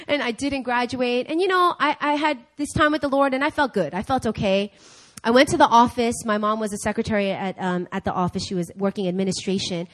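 A young woman preaching in church, telling a lively personal story and acting out the dialogue in different voices. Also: fairly high pitch, quick pace. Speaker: speaker. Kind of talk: sermon storytelling.

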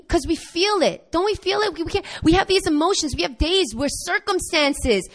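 A woman pastor preaching a sermon, telling a church story with lively acted-out quotes. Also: sits high, moderate pace, hardly any pauses. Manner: animated storytelling, acts out quoted voices.

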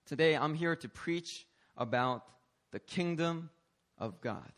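A man preaching a lively, playful sermon, calling out to the congregation for responses. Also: fairly high pitch, slow pace. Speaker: pastor.

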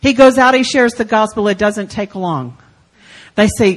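Animated woman preaching with stories. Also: high-pitched, moderate pace, rough recording. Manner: animated, acts out quoted voices, swings from loud to hushed. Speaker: guest speaker. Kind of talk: sermon storytelling. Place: church service.

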